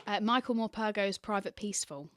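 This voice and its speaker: A woman primary teacher talks in a chatty, lively way, filling her answers with little fillers. Her voice sits in a middle pitch and is recorded close and dry, with no room echo. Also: a little fast. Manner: chatty and animated, with lots of fillers. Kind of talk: casual interview answers.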